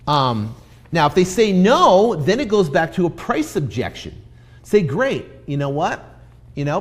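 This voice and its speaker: A man teaching real estate investing in a live stream, acting out sales lines to a seller, with many fillers and restarts. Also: fairly high pitch. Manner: energetic, role-plays sales scripts to a seller.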